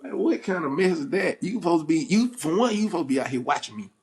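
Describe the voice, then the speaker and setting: Animated young man telling a story. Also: a little high, fast. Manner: animated storyteller, acts out quoted voices, laughs at himself. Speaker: podcast host. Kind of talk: casual storytelling chat.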